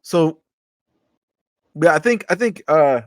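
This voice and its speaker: Male co-host, mid pitch, lively inflection, relaxed analytical chat, dry close sound. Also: slow, no room sound. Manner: laid-back analytical, profane, with filler ums. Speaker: wrestling podcast co-host. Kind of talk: casual chat.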